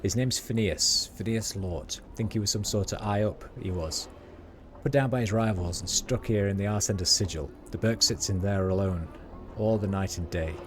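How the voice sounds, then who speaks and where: A man's voice: fairly low pitch, unhurried, darkish tone, a little hiss or hum, close to an everyday voice. A man voicing a chatty, superstitious male rat catcher, reading slangy street talk aloud with small stumbles. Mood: gossipy.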